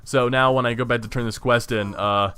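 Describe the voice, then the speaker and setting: Male let's-play host, middle-pitched, excitable and profane, lots of stammered restarts, quiet game music behind. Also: a little fast, clear, resonant tone. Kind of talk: gameplay commentary.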